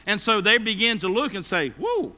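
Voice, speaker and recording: A man's voice: high voice, a little fast, sharp tone. A man preaching a sermon, folksy and acting out everyday complainers. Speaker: pastor.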